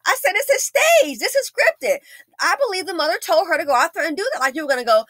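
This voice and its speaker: A woman's voice: extremely high pitch, very animated, fast, fairly bright tone, no echo, clean studio sound. A woman host giving casual, opinionated commentary, telling a story with wry asides.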